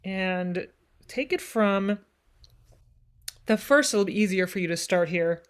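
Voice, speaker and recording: A woman's voice: medium pitch, slow, background noise. A woman voice teacher coaching a singer in a masterclass, encouraging and demonstrative, now and then speaking the text with dramatic phrasing.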